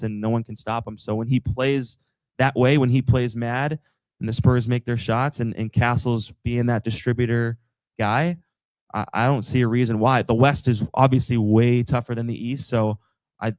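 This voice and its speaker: A young man from the Boston area with no Boston accent, a team TV analyst telling stories and breaking down basketball as a guest on a live podcast, animated and quick with asides. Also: medium pitch, no room sound. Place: live show with audience.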